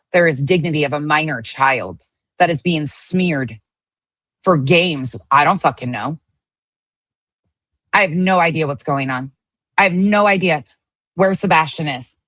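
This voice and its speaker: Low-voiced woman ranting angrily. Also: fairly bright tone, no room sound. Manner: angry, profane ranting. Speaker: online drama commentator. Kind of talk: heated livestream commentary.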